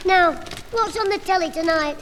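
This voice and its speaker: An actor playing a cheeky, wisecracking young schoolboy, in a vintage radio comedy. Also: male voice, very high-pitched, moderate pace, a bit bright. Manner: cheeky backchat. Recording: old broadcast with hall reverb and faint hiss.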